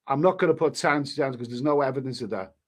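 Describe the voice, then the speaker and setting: A man's voice: medium pitch, fast talker. A man, hosting a live stream and rambling through crude commentary with many restarts. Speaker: livestream host.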